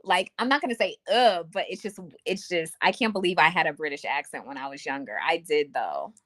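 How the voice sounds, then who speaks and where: A young woman talking to her viewers on a home livestream, chatting casually and reading their comments aloud. Her pitch sits on the low side but swings around a lot. The sound is dry and close. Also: lively intonation, fairly quick, a bit bright, no room sound. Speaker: livestream host. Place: home room. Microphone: webcam or phone mic.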